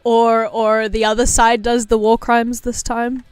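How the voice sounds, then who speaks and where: A young woman chats on her livestream in an unhurried, playful way, slightly high-voiced and giggly. She often drops into quiet, mumbled asides. Her voice sounds dry and close, with faint music underneath. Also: little pitch movement, smooth, no echo. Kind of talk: casual stream chat.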